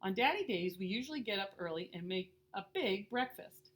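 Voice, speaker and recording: A woman reading a children's picture book aloud in a slow, lilting way. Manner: slow and lilting, lively pitch with playful character voices. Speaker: storybook reader.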